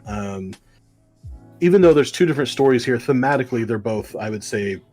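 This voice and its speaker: Casting: male comic podcast co-host, mid-pitched, loose casual chat, faint music under it. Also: expressive, fairly quick, a little mellow. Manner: rambling retelling with many ums and likes.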